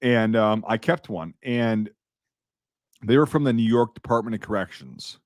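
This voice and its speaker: A man's voice: fairly low pitch, lively intonation, normal speed, no room sound, clean studio sound. A man in casual chat as a podcast host, rambling and profane, with many restarts and fillers.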